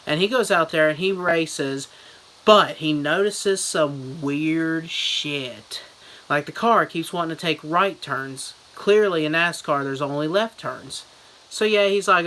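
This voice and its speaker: A man's voice: a little high, takes it slowly, bright, forceful tone, rough recording. A man giving a goofy, rambling mock book review as a comedy vlogger.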